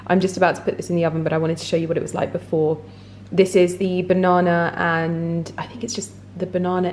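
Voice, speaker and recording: In her home kitchen, a woman in her thirties chats casually for a lifestyle vlog, rambling loosely with lots of fillers and frequent giggles. Her voice sits fairly low and sounds a little mellow, with a slight hiss or hum in the background.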